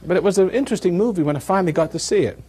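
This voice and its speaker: A man's voice: sits high, racing, warm tone. A man giving a rambling talk to a live audience, chuckling at his own jokes as he tells stories. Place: evening gathering with an audience.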